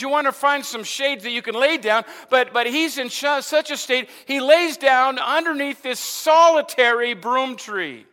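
A man's voice: extremely high pitch, sharp tone, big-room sound. A man preaching a sermon in a loose, conversational way, sprinkling "amen" and repeating words as he works through his point. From Arizona, USA. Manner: preaching with frequent "amen" fillers and repetitions. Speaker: pastor.

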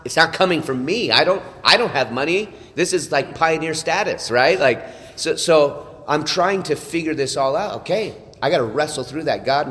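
A man's voice: mid-range voice, a bit bright. Earnest man telling a story in a reverberant hall. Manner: earnest storytelling with repeated restarts and "right?" asides. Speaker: church leader sharing testimony. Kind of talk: testimony talk to a church group.

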